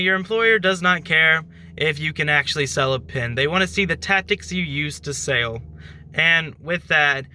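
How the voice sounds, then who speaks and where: Chatty young man, bright crisp voice. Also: fairly high pitch, a little fast. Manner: loose and chatty, many fillers like "like" and "kinda". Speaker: channel host giving sales tips. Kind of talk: casual talk-to-camera tutorial.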